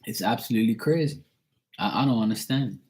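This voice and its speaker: A man's voice: on the low side, brisk, noisy background. A man in a rambling personal rant, swearing often and repeating himself heatedly. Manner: profane, heated and repetitive. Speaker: vlogger.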